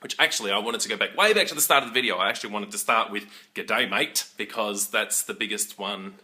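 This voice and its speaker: A man with an Australian accent chatting casually to camera in a joking, animated way. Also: lowish voice, fast talker. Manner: chatty, joking, animated with playful mock voices. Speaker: vlogger.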